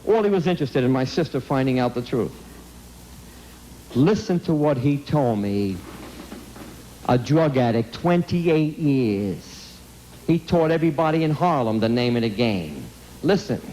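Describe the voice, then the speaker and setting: A man's voice: mid-range voice, lively intonation, measured pace, long pauses, mellow, a little hiss or hum, poor audio. A man giving an impassioned anti-drug lecture to students, telling a story dramatically and pleading emphatically. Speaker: speaker addressing students.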